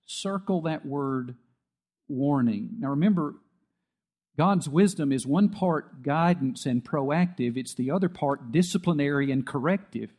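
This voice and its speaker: A man's voice: a little high, measured pace, darkish tone. A middle-aged man preaching a sermon as pastor, telling stories with acted-out quotes and emphatic peaks.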